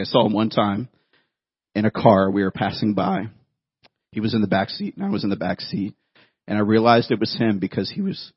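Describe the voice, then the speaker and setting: A man in his thirties, a pastor, preaching a sermon and telling a childhood story in an animated way, laughing at himself. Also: fairly low pitch, husky, dry recording, lo-fi sound.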